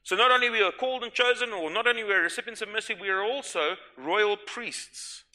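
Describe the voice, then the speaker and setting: A middle-aged male pastor preaching a sermon emphatically, dropping to soft, intimate tones at times. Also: high voice, brisk.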